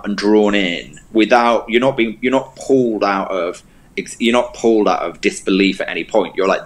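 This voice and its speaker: A fairly low-pitched man co-hosts a film review show, chatting casually and enthusiastically and repeating words for emphasis. The recording quality is low.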